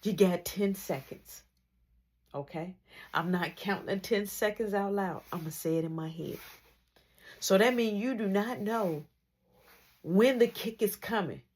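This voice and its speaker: A woman voicing a tough, no-nonsense mother who threatens her sons with slow, drawn-out warnings. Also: mid-range voice, lively intonation, close to an everyday voice. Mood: menacing hush.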